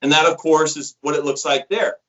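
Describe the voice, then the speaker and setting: A man's voice: on the high side, fairly quick, highs cut off, a little hiss or hum. A middle-aged man telling stories and explaining products in a casual interview, acting out quoted voices. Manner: animated storyteller acting out quotes. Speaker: sales rep. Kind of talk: storytelling interview chat.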